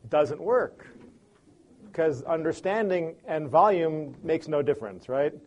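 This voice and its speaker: Chicago guy doing a motivational talk, slightly high voice, acts out little scenes, speeds up and slows down a lot. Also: dull audio. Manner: animated storyteller, big swings of pace and loudness. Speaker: speaker on communication. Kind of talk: lively motivational talk with acted-out examples.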